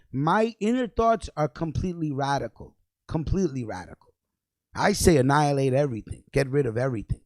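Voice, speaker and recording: A man's voice: fairly high pitch, a little mellow, no echo. A young man hosting a radio show, delivering a fiery, profane, repetitive freestyle rant.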